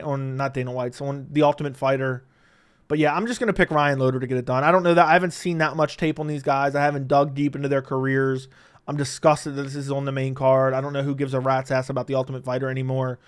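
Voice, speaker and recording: A man with a smooth, clear, slightly high voice talks through fight picks in a loose, unscripted monologue. He is blunt and cusses freely. He laughs often and jumps from loud bursts to mutters. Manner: blunt, profane, laughs often, animated swings in loudness. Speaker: MMA predictions commentator. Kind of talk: casual fight predictions monologue.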